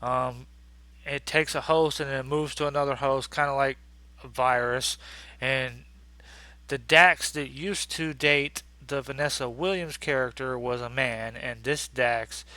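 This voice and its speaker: A man's voice: mid-range voice, steady tone, a little slow, bright, forceful tone, no echo. A man giving a casual ranting review in a crude, sarcastic, exasperated way.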